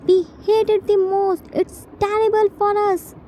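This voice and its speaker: An irritated young man snaps out sharp complaints with a cutting edge, voiced by a woman reading a fan story. The voice is very high but mellow in tone, with faint noise behind it. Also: level tone, unhurried, poor audio. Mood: exasperated. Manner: exasperated, sharp lecturing.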